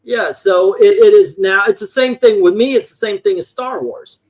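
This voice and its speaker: A man with a fairly high voice hosts a casual film chat. He talks in an animated, loose way and swears freely now and then. His delivery is excitable and conversational. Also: normal speed, creaky. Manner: animated, swears casually, reads movie quotes aloud. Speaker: podcast co-host. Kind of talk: casual chat about classic films.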